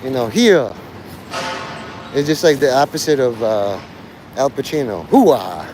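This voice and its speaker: A man's voice: mid-range voice, animated, a little slow, background noise. A man chatting crudely and sardonically on a rambling live stream.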